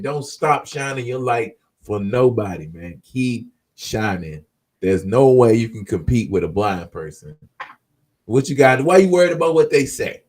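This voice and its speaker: A man hosting a casual podcast, talking in a laid-back, slangy way and answering people in the comments. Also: medium pitch. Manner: closes with an upbeat pep talk. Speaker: podcast host. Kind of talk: casual talk to viewers.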